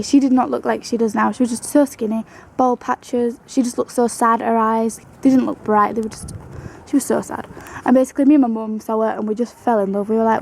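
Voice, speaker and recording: A young woman tells her pet's story in a casual home vlog. Her voice sits a little high yet mellow and dark in tone, with a gravelly fry. She talks fondly and coos softly to her rabbit between stories. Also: a little hiss or hum, rough recording. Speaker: pet vlogger.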